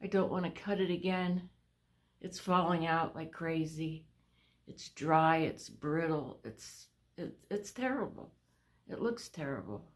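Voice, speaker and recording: A woman vlogging a personal update to her viewers on a phone camera. She is short of breath, halting, and restarts often. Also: deep voice, lively intonation. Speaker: vlogger sharing a health update. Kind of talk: casual talk to camera.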